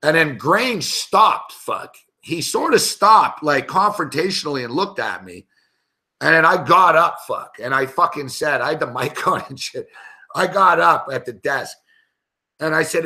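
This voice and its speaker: A man's voice: fairly high pitch, lively intonation, unhurried, sharp tone. A man on a sports betting show telling a heated story in casual, profanity-heavy talk.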